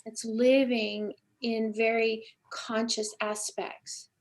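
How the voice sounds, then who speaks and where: A woman guest on a spiritual talk show, speaking in a fairly high voice. She is effusive and encouraging, and she affirms what her host says with warm enthusiasm. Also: little pitch movement, slow. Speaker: guest psychic medium.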